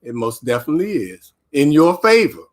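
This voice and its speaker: A man's voice: fairly high pitch, a little fast. An older man, a guest on a web talk show, chatting casually over a video call and telling stories in an easygoing, chuckling way. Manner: relaxed storytelling, chuckling while recalling. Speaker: guest, father of the host.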